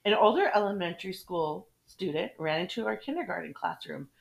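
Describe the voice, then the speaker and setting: A playful woman in her thirties, co-hosting a podcast, reads listener stories aloud with a lively, rising and falling voice. She jokes quickly between lines. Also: fairly low pitch, gravelly. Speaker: podcast co-host. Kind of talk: casual chat, reading listener stories.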